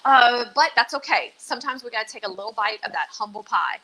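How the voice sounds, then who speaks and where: Lady doing a live cooking stream, bright high-ish voice, chatty and self-deprecating, faint kitchen hum. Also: expressive, fast, poor audio. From Louisiana. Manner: chatty and self-deprecating, nervous but upbeat. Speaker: dietitian hosting a live cooking show.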